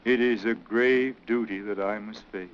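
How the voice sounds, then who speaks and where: A man's voice: on the low side, steady tone, clear, resonant tone, close to an everyday voice. An actor playing a grave male president giving a solemn farewell speech to his hometown neighbors. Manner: slow, solemn oratory. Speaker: actor in a film. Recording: dull old 1940s film soundtrack.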